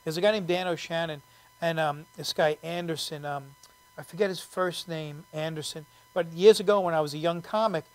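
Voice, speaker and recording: A man's voice: a little high, rough recording. A man chatting as a guest comedian in an interview, rambling and fumbling for names. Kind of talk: casual interview chat.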